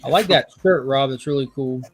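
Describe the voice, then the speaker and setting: A relaxed, friendly man with a mid-pitched voice, chatting casually over a video call about his online videos. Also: brisk. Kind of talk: casual online group chat.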